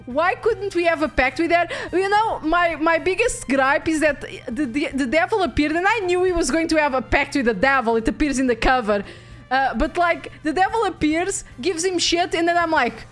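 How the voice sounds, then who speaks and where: High-voiced excitable woman streamer. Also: moderate pace, soft background music. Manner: excitable, profane, rambling. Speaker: VTuber streamer. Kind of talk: casual gameplay chat.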